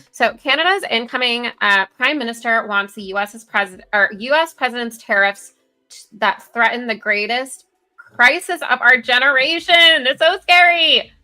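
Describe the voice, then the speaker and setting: A woman co-hosting a casual political commentary show over a video call, chatty and giggly, reading news aloud with quick asides. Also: on the high side, pushed and bright. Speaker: co-host. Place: home, virtual background.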